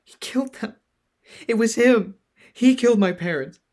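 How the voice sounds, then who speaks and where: A man voicing a desperate, grief-stricken young woman who cries out and pleads in a high, strained voice. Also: drawn-out words, darkish tone, full character voice. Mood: sobbing.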